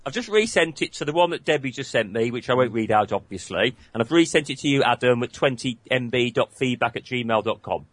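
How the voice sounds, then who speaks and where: A man's voice: mid-range voice, animated, a little fast, hardly any pauses, a bit bright, no echo. A man co-hosting a podcast, chatting casually and reading out listener scripts, a little flustered. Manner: chatty, flustered, puts on regional voices while reading. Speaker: podcast co-host.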